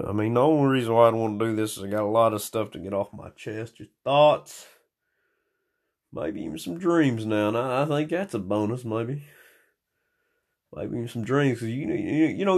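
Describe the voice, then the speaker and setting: Gravelly man rambling into his phone. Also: medium pitch, darkish tone. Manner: profane, rambling stream of consciousness. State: slightly hoarse. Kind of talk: rambling casual monologue. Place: small room at home.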